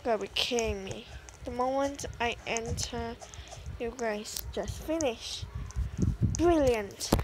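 A woman's voice: on the high side, slow pace, noisy background. A woman chatting casually to herself while playing a video game and commenting on each move. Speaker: gamer. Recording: loud keyboard clicking behind voice.

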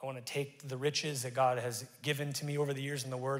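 A middle-aged man preaching a sermon, his delivery swinging from loud emphatic calls to hushed, confessional asides, picked up by a stage microphone in a church auditorium. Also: medium pitch, level tone, fairly quick. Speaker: pastor. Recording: live church hall reverb.

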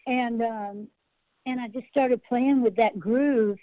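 A woman's voice: on the high side, fairly even intonation, slow, dry recording, highs cut off. A woman country singer-songwriter, a podcast guest, telling rambling, self-interrupting stories and laughing at her own tales.

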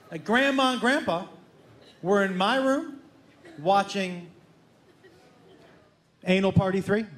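On stage before a live audience, a stand-up comedian with a high voice tells a profane, animated story, playing both sides of a conversation. The sound is reverberant, with slight background noise.

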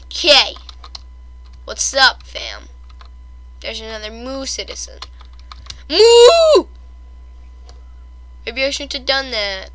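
A young woman chatting casually over her own gameplay, excitable and quick to gasp and squeal at her failures. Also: fairly high pitch. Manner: excitable, shrieks and gasps at fails. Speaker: gamer.

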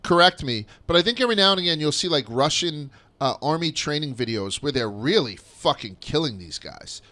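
The same thirty-something podcast host sounds a little high, animated and fairly quick, his voice pushed and bright. His delivery is loose and rambling, full of profanity and filler words.

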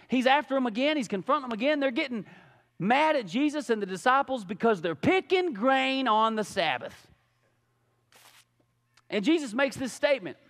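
A man preaching a sermon as pastor, animated and casual, full of rhetorical questions. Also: very high-pitched, big-room sound. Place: church sanctuary.

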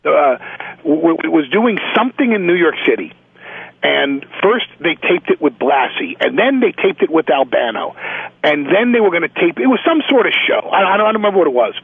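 A man telling stories as a guest on a phone call, animated, with frequent stammered restarts. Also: fairly high pitch, brisk, vocal fry, slightly rough, dry recording. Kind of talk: casual phone interview anecdote. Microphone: telephone. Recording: tinny phone line.

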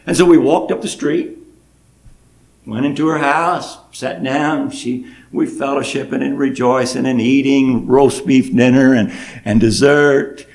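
A man with a gravelly, creaky voice preaches. He tells a personal story from the pulpit and grows emotional and loud as it builds. His pitch stays moderate. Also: steady tone, unhurried. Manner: emotional, swells up when telling the story. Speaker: pastor. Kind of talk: storytelling sermon. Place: church sanctuary.

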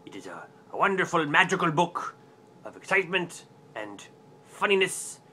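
Man as muddled book-review host, comic web sketch, rambling, forgetful, eager, bright tone, slightly high. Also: sing-song, normal speed, slight background noise. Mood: earnest muddle.

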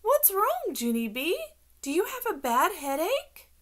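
A woman's voice: very high voice, huge pitch swings, a little slow, a bit bright, pitched above the performer's own voice, heavily acted. A woman voicing a concerned female school nurse in an audiobook.

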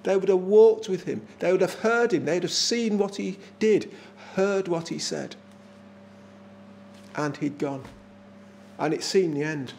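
An English man delivers a sermon from a small village church pulpit in a notably high voice. He speaks earnestly, leaning on repeated phrases to press his points home. A faint hiss sits under the recording. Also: unhurried, pauses often, a little mellow. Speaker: preacher.

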